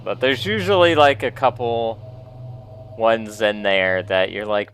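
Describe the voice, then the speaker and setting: A man's voice: mid-range voice, expressive, slow pace, a bit bright, a little hiss or hum. A man musing offhandedly as he comments on a game he is playing. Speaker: let's play host. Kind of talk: casual gameplay commentary.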